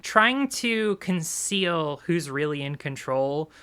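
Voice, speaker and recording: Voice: mid-range voice, expressive, slow, pushed and bright, clean tone. A video creator chatting casually through a game lore breakdown, speculating aloud with lots of filler words.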